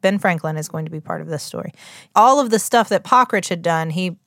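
A woman with a West Virginia accent, in a slightly low voice, talks casually as a podcast co-host. She rambles, restarts her sentences and fills the gaps with "like" and "um." The sound is dry and close. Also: expressive, brisk, creaky, fairly bright tone, no echo. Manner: chatty, rambling, full of fillers and restarts. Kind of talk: casual chat.

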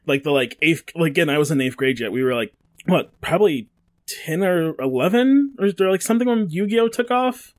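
A man's voice: fairly high pitch, expressive, a little fast. Rambling man co-hosting a podcast. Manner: rambling, filler-heavy storytelling. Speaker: podcast co-host. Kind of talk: casual chat.

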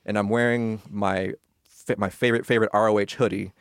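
Man, thirties, gravelly, low voice, podcast guest, rambling, self-correcting. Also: fairly even intonation, brisk, no echo, clean studio sound. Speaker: guest, production attorney. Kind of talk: casual storytelling in conversation.

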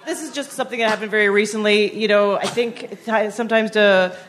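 A woman's voice: medium pitch, fairly even intonation, fairly quick, a bit bright. A woman comedian guesting on a live podcast, telling a story in a dry, wry way. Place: live stage before an audience.

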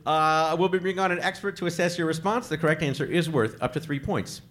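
A man's voice: on the high side, fast talker, fairly bright tone. A man hosting a quiz show in a jovial, teasing way.

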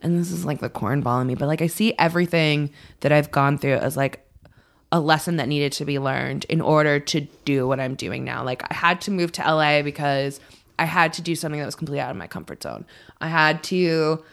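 A woman's voice: sits low, brisk, gravelly. A woman in her thirties, a podcast guest talking candidly and rambling, swearing freely and poking fun at herself. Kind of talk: candid casual chat.

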